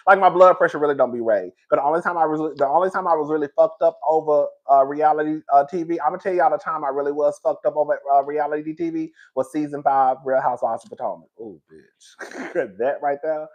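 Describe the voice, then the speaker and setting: A man's voice: on the high side, a little fast, muffled recording. A man hosting a casual live stream, chatting in a dramatic, slangy way and laughing often. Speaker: livestream host.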